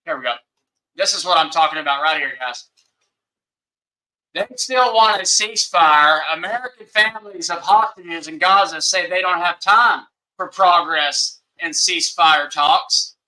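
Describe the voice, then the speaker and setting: Brief: Southern male streamer, rambling, heated takes, apologetic asides, piercing bright tone, pitched a bit high. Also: a little slow, rough recording. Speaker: livestream host. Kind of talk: casual live-stream commentary. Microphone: webcam setup.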